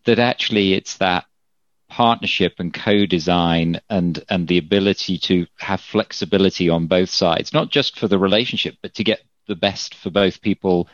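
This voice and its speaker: A man hosting an interview, summarising points in long, measured questions over a remote call. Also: low-pitched, no echo. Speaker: host. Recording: dull lo-fi remote audio.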